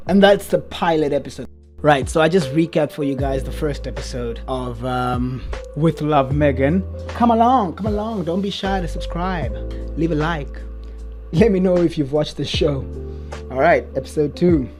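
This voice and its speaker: A man giving casual, mocking reaction commentary as he recaps a show, chatty and quick to laugh. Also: fairly high pitch, darkish tone, faint music behind.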